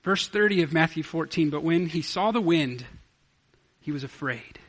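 A man preaching a sermon as pastor, swinging from loud declarations to hushed asides. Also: on the high side, animated, moderate pace.

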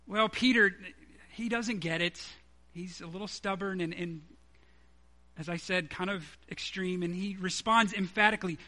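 Bright, high-voiced male preacher. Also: measured pace, pauses often. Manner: earnest, conversational preaching with emphatic stresses. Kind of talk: sermon.

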